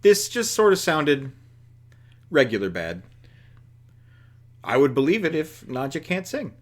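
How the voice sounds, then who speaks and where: A man's voice: on the high side, wildly swooping pitch, a little slow. A man co-hosting a podcast in casual chat, hesitant with ums and restarts and a dry sense of humor. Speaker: podcast co-host.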